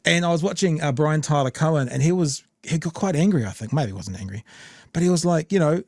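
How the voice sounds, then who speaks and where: A man with a New Zealand accent hosts a podcast, rambling through casual, conversational commentary with many restarts. His voice is a little high and darkish in tone, animated and fast, captured in studio quality with no echo.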